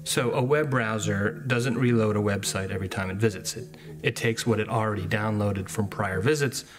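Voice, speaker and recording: A man's voice: lowish voice, normal speed. A man hosting a podcast, telling a scripted story in a wry, self-mocking way. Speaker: podcast host.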